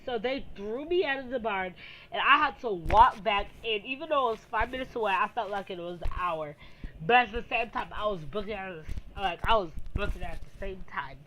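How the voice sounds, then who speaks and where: A woman tells a story to her camera in a bright, forward voice. She rambles casually and leans heavily on filler words as she talks. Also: medium pitch, a little fast, a little hiss or hum, poor audio. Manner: rambling, heavy use of "like" fillers. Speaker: vlogger. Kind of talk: storytime vlog.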